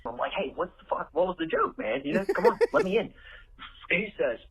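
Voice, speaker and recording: A man's voice: high voice, wildly swooping pitch, a little fast, gravelly, a bit bright, slightly rough. A man leaving a profane, storytelling voicemail for a podcast, laughing at his own tale. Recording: tinny phone-line voicemail.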